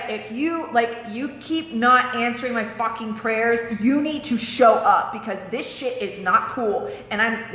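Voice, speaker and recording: A woman's voice: a little high, a bit bright, roomy sound, big-room sound. A young woman vlogging a candid personal story, swearing often and losing her train of thought now and then.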